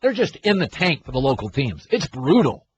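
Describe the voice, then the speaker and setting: A man's voice: fairly high pitch, very animated, normal speed, slight background noise, rough recording. A man hosting a sports radio show, ranting and sarcastic in disbelief. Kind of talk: opinionated sports talk.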